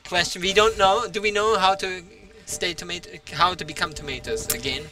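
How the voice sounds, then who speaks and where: A man's voice: sits high, fairly quick, bright, forceful tone, soft background music. A man hosting a playful street interview, upbeat and laughing often as he asks short, prompting questions. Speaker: talk show host.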